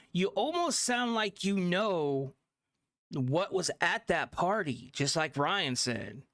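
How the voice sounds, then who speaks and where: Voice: medium pitch, a bit bright, no room sound, clean studio sound. A reaction channel host giving casual commentary, frustrated and repeating pointed questions.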